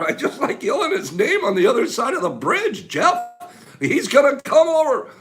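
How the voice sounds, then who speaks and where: A man's voice: high-pitched, very animated, moderate pace, fairly bright tone. A man hosting a casual livestream, chatting and greeting viewers by name. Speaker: livestream host.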